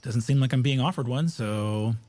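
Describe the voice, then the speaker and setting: A man voicing a talking fox familiar who speaks in a guileless, deadpan way. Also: medium pitch, normal speed, voice pushed down, natural voice. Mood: earnest.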